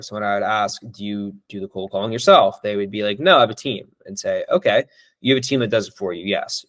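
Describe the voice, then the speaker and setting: A man's voice: mid-range voice, no room sound. Casual man talking through sales calls. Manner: acts out both sides of sales calls, many fillers. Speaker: sales coach. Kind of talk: casual teaching monologue.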